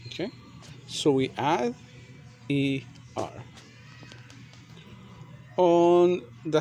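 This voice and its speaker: A man teaching a grammar lesson, repeating and spelling out words slowly and deliberately. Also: a little high, a little mellow. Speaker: English teacher.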